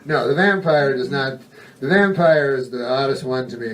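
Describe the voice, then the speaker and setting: A man doing a stand-up routine, rambling and deadpan, correcting himself and swearing casually, recorded live on stage. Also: medium pitch, measured pace, long pauses, recorded from a distance, crowd noise. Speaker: stand-up comedian.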